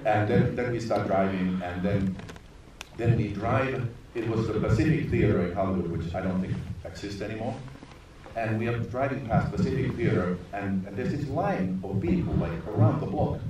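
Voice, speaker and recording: Guy, director doing a q&a, animated and laughing a lot, lower voice, noisy distant room sound. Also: normal speed. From Finland. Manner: animated storyteller, laughing often. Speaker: film director at a screening Q&A. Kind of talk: live anecdote on stage. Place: large echoey cinema hall. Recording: distant, echoey theater recording with noise.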